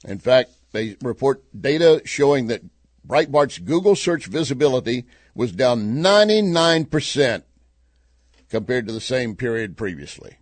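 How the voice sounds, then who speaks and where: A man's voice: mid-range voice, a little slow, dry recording. A middle-aged man hosting a talk radio show, commenting on news and telling a joke with chuckling asides. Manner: animated storyteller, chuckling asides.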